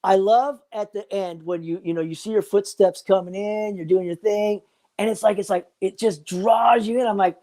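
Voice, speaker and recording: A man's voice: high voice, fairly even intonation, moderate pace, a little mellow. An older man joking and rambling profanely as a guest on a live stream, calling in from his phone. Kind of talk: casual live-stream chat.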